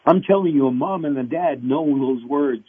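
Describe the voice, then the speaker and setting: A middle-aged male pastor being interviewed, preaching with animated acted-out voices. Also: mid-range voice, moderate pace, husky, dry recording. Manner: animated, acts out voices and cries. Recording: tinny phone line.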